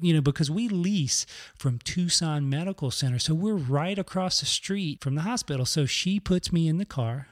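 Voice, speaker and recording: A man's voice: on the high side, expressive, moderate pace. A middle-aged man hosting a podcast, telling a personal story in a chatty, conversational way. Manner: chatty, conversational, acts out quoted voices. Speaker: podcast host. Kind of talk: casual storytelling monologue.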